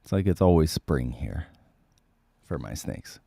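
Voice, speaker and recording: A man with a very deep, mellow voice chats loosely through a livestream, his voice a little sick. He fills gaps with ums and keeps clearing his throat. The sound is dry and close. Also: very animated, a little slow, no room sound. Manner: rambling, many ums, frequent throat clearing. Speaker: livestream host reading viewer comments. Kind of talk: casual livestream chat.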